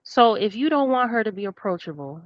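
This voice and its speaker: A woman's voice: mid-range voice, sing-song, brisk, dry recording. Pointed woman, dull dry sound. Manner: pointed, tries to steer the talk. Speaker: panelist. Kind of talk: heated casual debate.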